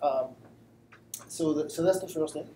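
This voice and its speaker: A man's voice: fairly high pitch, a little slow, mellow, a little hiss or hum, poor audio. A man with a French accent giving a live lecture to a study group, self-deprecating and explaining with simple examples. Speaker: guest lecturer. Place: room with a live audience.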